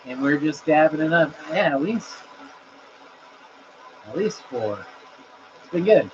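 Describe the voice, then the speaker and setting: Casual male streamer, slow and laid-back, muffled lo-fi home audio. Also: on the high side, sing-song. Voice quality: laid-back, swears casually, coughs between sentences. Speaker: live streamer. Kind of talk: casual live-stream chat. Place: at home with his cats. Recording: dull lo-fi stream audio, faint room hiss.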